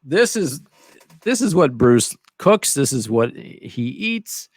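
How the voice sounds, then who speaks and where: Host, male, gravelly voice, dry close sound, enthusiastic interviewer. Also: mid-range voice, big pitch swings, slow, dry recording. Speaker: podcast host. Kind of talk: casual interview chat.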